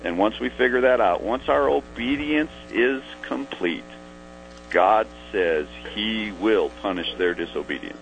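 A man co-hosts a religious call-in radio program. His voice sits very low, and he talks in a conversational way that turns preachy at times. Faint music plays underneath. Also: unhurried, creaky, poor audio. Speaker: radio co-host.

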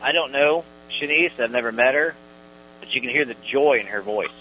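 A man's voice: mid-range voice, normal speed, bright, forceful tone. A man co-hosting a religious radio show, speaking in an affirming, friendly way. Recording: dull lo-fi radio sound with faint hum.

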